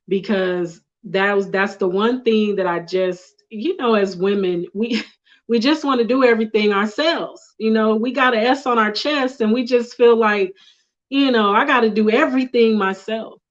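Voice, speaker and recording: A woman's voice: on the high side, normal speed, highs cut off. A woman talking candidly in a casual group chat, laughing now and then. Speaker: guest.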